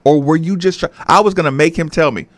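A man's voice: fairly high pitch, fast, fairly bright tone, dry recording. A man hosting a casual sports talk show who teases his co-host and prods him with questions.

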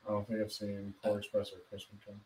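A man's voice: on the low side, completely flat delivery, racing, a little mellow, slight background noise. A man co-hosting a casual podcast, laid-back, mostly giving short replies. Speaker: podcast co-host. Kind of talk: casual chat. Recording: roomy, distant from the mic.

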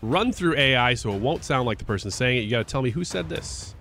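A man's voice: medium pitch, animated, fast, gravelly, sharp tone, slight background noise. A man co-hosting a talk radio show, reading news items as quiz questions and chuckling often in casual banter. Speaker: radio show co-host running a quiz game.

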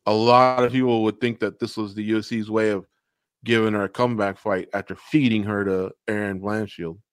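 A man co-hosting a podcast, chatting casually about fights in an animated way and slipping into mock voices. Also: lowish voice, fairly quick, clean tone, dry recording, clean studio sound. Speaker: podcast co-host. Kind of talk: casual MMA recap chat.

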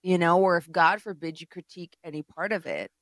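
A woman's voice: fairly low pitch, brisk, no echo, clean studio sound. A woman co-hosting a podcast in casual chat, telling stories and acting out what others said. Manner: animated storyteller who acts out quotes. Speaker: podcast co-host.

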